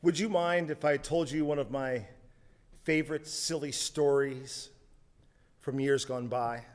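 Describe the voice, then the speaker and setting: A man's voice: mid-range voice, steady tone, measured pace. A man preaching a sermon, telling a humorous story with asides. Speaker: pastor.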